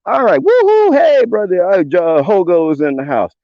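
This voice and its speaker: A man, ranting loudly in a casual livestream with folksy swearing. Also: sits high, moderate pace, no echo. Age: 20s. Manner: loud, animated, swearing, folksy drawl. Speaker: livestream host. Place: outdoors on a homestead. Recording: dull lo-fi dry sound.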